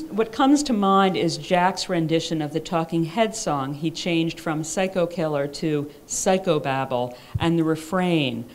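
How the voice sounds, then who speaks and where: A woman's voice: sits low, a little slow, hardly any pauses, slight background noise. A woman author reading her own fiction aloud at a live writers' conference, in a dry, wry first-person voice.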